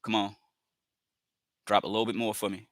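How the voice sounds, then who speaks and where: A man's voice: lowish voice, little pitch movement, normal speed, dry recording. A man giving live commentary on his trades, repeating phrases, filling with "you know" and calling viewers family as he talks himself into staying patient.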